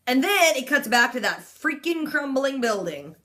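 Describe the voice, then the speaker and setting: A young woman in her twenties with a slightly high voice gives a chatty recap of a TV episode. She talks casually and sarcastically, leaning on "like" all the time. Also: animated, a little fast, few pauses, a bit bright. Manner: sarcastic, chatty, heavy use of "like". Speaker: vlogger.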